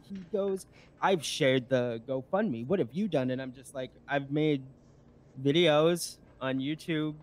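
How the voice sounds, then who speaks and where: A man, a guest on a live stream, telling a story in a rambling casual way with many fillers and restarts. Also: mid-range voice.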